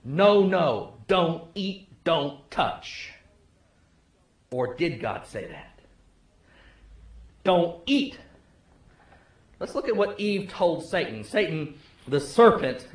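A male pastor preaching a sermon, telling the story with swings from loud to hushed. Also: on the high side, moderate pace, echoey room.

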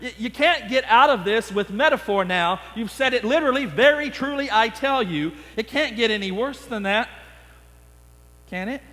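A man's voice: extremely high pitch, expressive, normal speed, sharp tone, long reverb tail, pitched above the performer's own voice, heavily acted. A man voicing a skeptical crowd of listeners, exasperated and arguing back in disbelief. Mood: incredulous. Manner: incredulous, arguing back, mock-pleading.

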